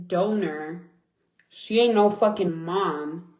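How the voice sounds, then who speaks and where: Angry venting woman, slow speech. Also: lowish voice, a little mellow, echoey room. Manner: angry, venting, swears often. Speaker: livestream host. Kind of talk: casual livestream chat.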